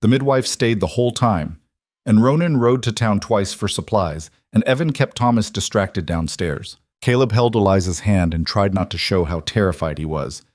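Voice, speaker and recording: A man reading a frontier love story aloud as a narrator, in a steady storytelling manner. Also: lowish voice, moderate pace, no echo, studio quality.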